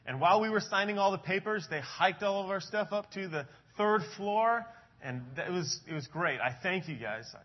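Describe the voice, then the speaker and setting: A man's voice: sits high, animated, normal speed, dull audio. A man in his thirties, an adult ministries pastor, giving a casual sermon to his congregation in a chatty storytelling way with frequent ums and uhs.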